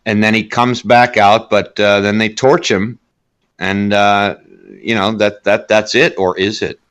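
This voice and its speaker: A man co-hosting a film podcast, recapping plots in a halting way with dry jokes. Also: on the low side, flat delivery, fairly bright tone, clear, resonant tone. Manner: halting, many fillers and restarts, dry jokes. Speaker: podcast co-host. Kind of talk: casual film review chat.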